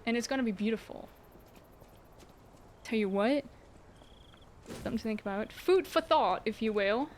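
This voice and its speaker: A woman's voice: on the high side, moderate pace, pauses often, a little hiss or hum. A young woman streaming a game, chatting casually with her viewers in a sarcastic, giggly way. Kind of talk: casual gameplay livestream chat.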